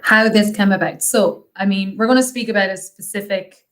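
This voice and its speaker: A woman's voice: mid-range voice, steady tone, normal speed. A woman guest on a podcast interview, talking chattily and enthusiastically with plenty of fillers. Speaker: guest, consultancy associate partner.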